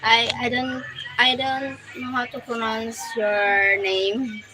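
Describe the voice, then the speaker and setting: Slow-talking woman streaming. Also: on the high side, level tone, noisy background. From Philippines. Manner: chatty, greets viewers, mixes in local words. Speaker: live-stream host. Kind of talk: casual live-stream chat.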